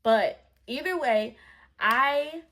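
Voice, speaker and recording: A woman's voice: sits high, extremely slow, bright, forceful tone. Candid young woman telling a story. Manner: candid, emphatic, profane, addresses viewers as y'all. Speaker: storytime vlogger. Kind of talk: casual storytelling to camera. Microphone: camera facing the speaker.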